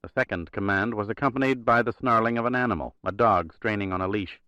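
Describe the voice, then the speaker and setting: A man narrating a thriller audiobook in a steady, measured reading. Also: lowish voice, no echo. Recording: dry, slightly dull recording.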